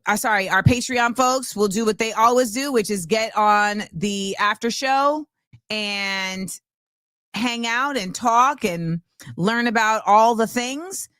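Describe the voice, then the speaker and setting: A woman's voice: medium pitch, a bit bright, dry recording, clean studio sound. A woman hosting a casual livestream show, playful and sing-song, reading out where viewers are watching from. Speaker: host.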